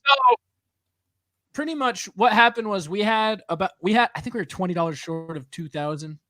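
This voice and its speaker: Bright high-voiced man telling a story. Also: normal speed, no room sound. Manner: animated storyteller, laughs often, acts out other people. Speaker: podcast host. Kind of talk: casual chat.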